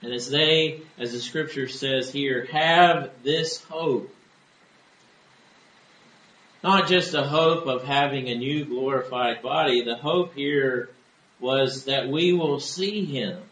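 A man preaching a sermon in an earnest, measured way. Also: mid-range voice, fairly bright tone, echoey room, a little hiss or hum, poor audio. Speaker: pastor.

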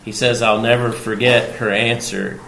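A male pastor preaching an expository sermon in a church sanctuary, speaking in measured phrases that rise loudly whenever he quotes scripture. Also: mid-range voice, little pitch movement, vocal fry. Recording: roomy hall sound with faint background noise.

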